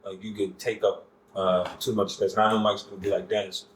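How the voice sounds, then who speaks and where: A man's voice: on the low side, level tone, fairly quick, slight background noise. A man talking as a guest in a casual podcast conversation, earnest and circling back with many restarts. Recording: echoey room.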